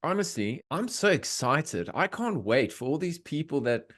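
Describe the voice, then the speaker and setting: A man's voice: fairly high pitch, big pitch swings, normal speed, fairly bright tone. A man hosting a podcast, talking casually and enthusiastically over a video call, now and then swearing. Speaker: podcast host.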